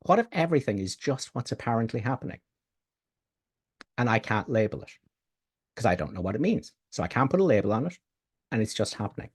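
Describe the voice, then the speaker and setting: A man teaching spiritual ideas in a slow, calm way that turns hushed and quiet on key lines. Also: mid-range voice, husky.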